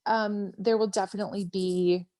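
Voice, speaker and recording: A woman's voice: medium pitch, steady tone, normal speed, dark tone. A woman with a Minnesota accent, chatting earnestly as an interview guest and laughing easily over a video call. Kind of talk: casual interview chat.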